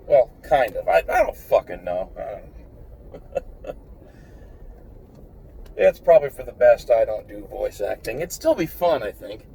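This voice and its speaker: A man's voice: medium pitch, big pitch swings, measured pace, vocal fry, pauses often, mellow. A blunt, opinionated man who swears freely, rambling casually while he drives his car. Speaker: vlogger. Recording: distant mic in a car, faint engine noise.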